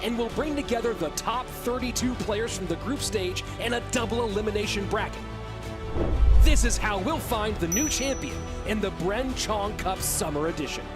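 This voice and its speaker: A man's voice: high voice, moderate pace. A man giving an upbeat, scripted narration for a tournament promo video. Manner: upbeat announcer read. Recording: narration over loud music. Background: loud music.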